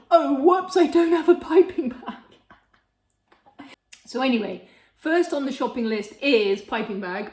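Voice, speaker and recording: A woman's voice: high-pitched, roomy sound. A woman hosting a home cooking vlog, chatting bubbly and giggly to her viewers as she bakes and tastes. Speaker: cooking channel host. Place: home kitchen.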